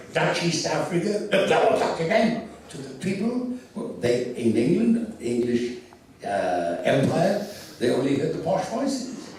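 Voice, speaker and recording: An older man telling theatrical, animated anecdotes as a convention guest, recorded from far off in an echoey hall. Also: fairly high pitch, slight background noise. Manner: theatrical, animated storyteller with laughs. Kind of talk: anecdotal storytelling.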